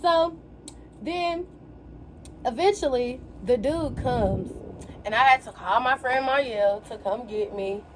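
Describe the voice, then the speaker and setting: Getting ready on camera, a young woman vlogger narrates a story at a moderate pace in a high voice. She is casual and animated, repeatedly breaking into slangy quoted exclamations. The room's faint hum runs behind her.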